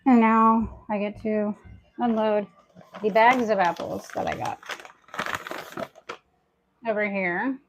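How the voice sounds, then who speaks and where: A woman's voice: mid-range voice, steady tone, takes it slowly, long pauses, slight background noise. A woman vlogger chatting casually to viewers at home, talking aloud to herself and her audience as she sorts her harvest and does chores. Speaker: homestead lifestyle vlogger. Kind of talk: casual chat to camera while doing chores. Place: at home, indoors.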